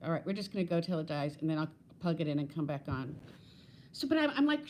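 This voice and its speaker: A woman's voice: deep voice, big pitch swings, fast talker, slight background noise. Chatty woman in her fifties. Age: 50s. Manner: rambling and chatty, laughs often, talks to viewers by name. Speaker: livestream host. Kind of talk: casual livestream chat. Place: at home. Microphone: phone.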